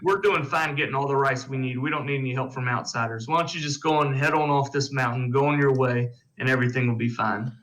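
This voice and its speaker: A man's voice: medium pitch, fairly even intonation, fast, hardly any pauses, a bit bright, natural voice, low-quality recording. A man voicing a suspicious monk enforcer. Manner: blunt, demanding questions.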